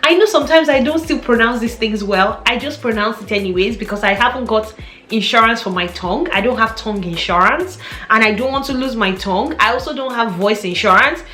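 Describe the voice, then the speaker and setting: Young woman, playful vlogger, bright high voice, roomy echo with soft music behind. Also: a little fast. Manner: chatty, playful, laughs often. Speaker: fragrance vlogger. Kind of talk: casual chat to camera. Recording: echoey room with faint music.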